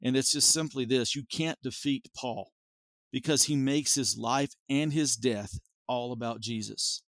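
A man's voice: medium pitch, measured pace, fairly bright tone, no room sound. A man in his forties giving an informal Bible teaching as a podcast host, explaining carefully and stopping to restate and correct himself.

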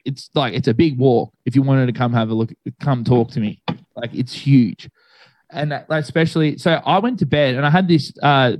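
A man's voice: mid-range voice, dry recording, low-quality recording. Rambling young man, dry close sound. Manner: rambling, filler-heavy, swears freely. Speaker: guest telling a ghost story. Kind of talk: casual storytelling among friends.

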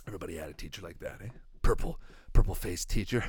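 A man's voice: sits low, sing-song, very fast, vocal fry, breathy edge, no echo, clean studio sound. A man in his thirties giving rambling, profane, joking commentary while watching a cartoon. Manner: rambling, profane, jokey asides. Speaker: reaction video host.

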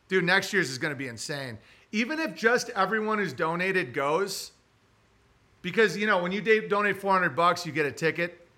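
Man, 30s, high-pitched, sharp bright tone, crude, rambling, casual stream chat. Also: expressive, moderate pace. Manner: crude, rambling, mocks pronunciations. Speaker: podcast streamer reading donation messages.

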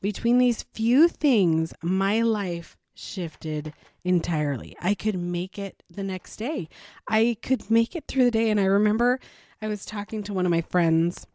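A woman telling a candid personal story as a parent vlogger, chatty and animated, acting out both sides of conversations. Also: medium pitch, measured pace, no echo, studio quality.

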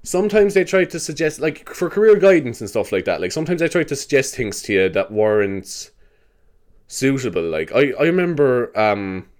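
An Irish man in his twenties hosts a casual solo podcast in a medium-pitched, very animated and slightly mellow voice. He rambles from thought to thought, swears freely, laughs often and uses plenty of fillers.

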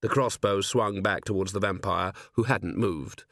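A man narrating an audiobook in a measured, even reading. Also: low voice, no echo, clean studio sound. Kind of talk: scripted narration.

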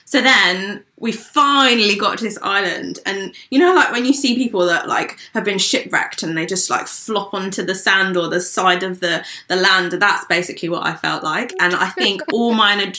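A young English woman telling a story in casual chat, animated, laughing often and acting out what people said. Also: mid-range voice, normal speed, hardly any pauses. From England. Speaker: podcast guest.

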